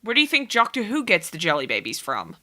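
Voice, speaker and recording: A woman's voice: fairly low pitch, wildly swooping pitch, bright, forceful tone. A woman co-hosting a podcast, recapping a book in casual chat with a playful, teasing manner. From outside America. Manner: playful, teasing, quick to laugh. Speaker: podcast co-host.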